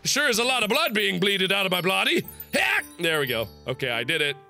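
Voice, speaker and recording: A man in his twenties giving excitable, punny let's-play commentary with frequent yelps and laughs. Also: high-pitched, quick pace, gravelly. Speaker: gaming YouTuber. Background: game music.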